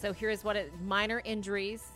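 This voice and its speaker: A woman's voice: medium pitch, little pitch movement, a little fast, a bit bright, soft background music. A woman on a morning show reading local news items between casual banter.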